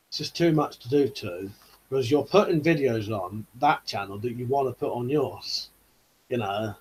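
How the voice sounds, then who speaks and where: A man's voice: mid-range voice, a little hiss or hum, low-quality recording. A man hosting a casual live-stream chat, rambling easygoing with lots of 'you know' fillers. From United Kingdom. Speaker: YouTube channel host.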